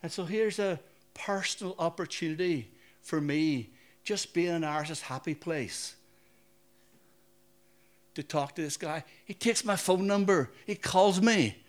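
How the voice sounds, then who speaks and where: Northern Irish preacher, conversational. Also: male voice, fairly high pitch, measured pace, long pauses. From Northern Ireland. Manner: conversational, anecdotal, asks the audience questions. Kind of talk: sermon with personal stories.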